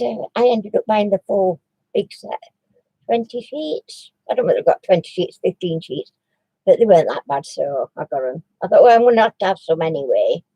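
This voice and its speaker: A woman chats away on a home craft live stream, rambling and restarting as she goes. Her voice is warm and mellow, and the sound is close and dry with no room echo. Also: mid-range voice, slightly rough. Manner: chatty and rambling, with many restarts; coos baby talk to her dog. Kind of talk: casual live-stream chat.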